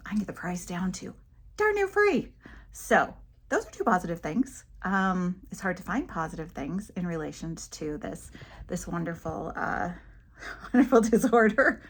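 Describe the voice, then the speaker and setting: A woman's voice: mid-range voice, creaky, breathy edge. Chatty woman vlogging about her dystonia. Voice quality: head tremor from dystonia. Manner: chatty storytelling, acts out quoted voices. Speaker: vlogger with a movement disorder. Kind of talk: casual personal vlog.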